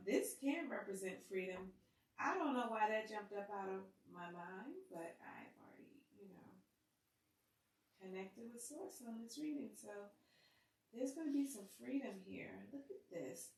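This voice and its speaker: A woman's voice: medium pitch, gravelly, far from the mic. Chatty woman reading tarot in a roomy space. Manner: chatty and playful, talks to the cards. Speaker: tarot reader. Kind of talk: casual tarot reading to camera. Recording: roomy sound, set back from the mic.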